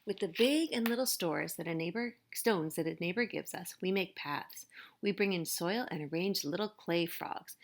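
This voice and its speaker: A woman's voice: on the low side, moderate pace, a little hiss or hum. A woman teacher reading a picture book aloud, narrating expressively. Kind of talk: storybook read-aloud.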